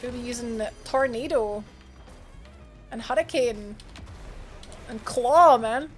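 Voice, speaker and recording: Girl streaming a game, high voice, chatty, laughs a lot, faint music behind. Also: slow. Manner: chatty, thinks aloud, laughs and gasps often. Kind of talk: live gameplay commentary chatting with viewers.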